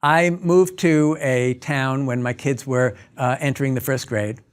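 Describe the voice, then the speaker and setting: A man's voice: medium pitch, steady tone, a little slow, clear, resonant tone. Man giving a storytelling lecture. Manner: storytelling, acts out dialogues. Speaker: clinical psychologist. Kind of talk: lecture talk.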